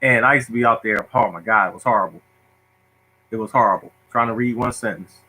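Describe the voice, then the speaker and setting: A man hosting a lottery show, casually telling stories to viewers in an animated, joking, self-mocking way. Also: lowish voice, fairly quick, rough recording.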